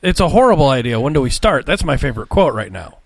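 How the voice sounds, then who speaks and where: A man's voice: mid-range voice, big pitch swings, quick pace, gravelly, no echo. A man co-hosting a casual podcast, cracking wry, teasing quips. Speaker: podcast co-host. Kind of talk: casual bar-talk podcast chat.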